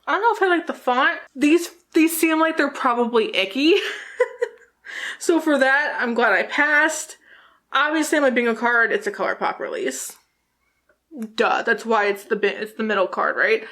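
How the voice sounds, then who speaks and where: A woman's voice: on the high side, normal speed, pushed and bright. A woman from New Jersey chatting through a makeup vlog while tipsy, rambling, giggling and swearing freely. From New Jersey, USA. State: tipsy from drinking. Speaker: makeup YouTuber. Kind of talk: casual vlog chat.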